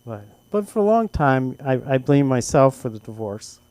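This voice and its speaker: An older man at an open mic, telling a rambling, self-deprecating personal story with halting restarts. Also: medium pitch, big pitch swings, darkish tone, no echo. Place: comedy club stage.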